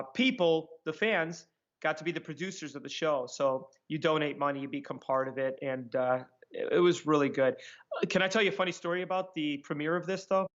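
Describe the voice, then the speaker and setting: Chatty man with lo-fi sound. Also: on the high side. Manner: sarcastic, animated anecdotes with fillers. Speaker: magician guest. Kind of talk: casual interview storytelling.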